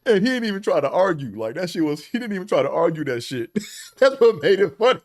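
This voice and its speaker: A man's voice: high-pitched, big pitch swings, fast, darkish tone. A man telling funny stories from his life in a loose, casual way, often breaking into laughter and tagging lines with "man". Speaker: podcast host. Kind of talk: casual storytelling.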